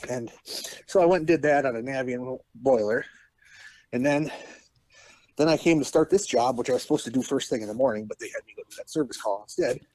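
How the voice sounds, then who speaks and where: A man calling in by phone from a job site, plain-spoken and hurried as he talks about his workday. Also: medium pitch, darkish tone. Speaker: caller, heating tradesman. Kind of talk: casual phone chat.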